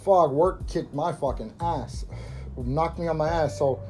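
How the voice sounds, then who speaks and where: Man, 30s, swearing podcast host with a mellow voice and a faint guitar bed. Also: on the high side, unhurried. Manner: profane, rambling, laughing. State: coughing from smoking. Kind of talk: casual stoner monologue. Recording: faint guitar music behind.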